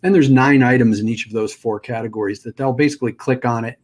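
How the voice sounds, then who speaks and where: Middle-aged male host, casual and conversational, medium pitch, loose and searching delivery. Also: fairly even intonation, quick pace, a little mellow. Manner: casual, explains at length with fillers and restarts. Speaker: podcast host. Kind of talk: conversational interview.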